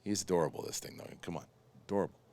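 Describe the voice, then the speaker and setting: A man hosting a casual watch-along review, talking excitedly in quick bursts and laughing often. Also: low voice. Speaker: host.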